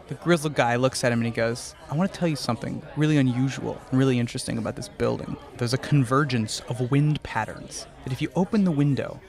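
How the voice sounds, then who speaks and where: A man with a mid-pitched voice tells a joke as a story. He acts out each character's lines in quick, lively bursts. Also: creaky. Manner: storytelling with quick acted-out dialogue. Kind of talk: telling a joke.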